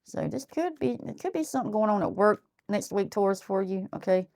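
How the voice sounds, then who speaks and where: A woman's voice: medium pitch, lively intonation, brisk, creaky, darkish tone. Blunt woman giving a tarot reading. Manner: blunt, repeats herself, thinks aloud. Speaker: tarot reader.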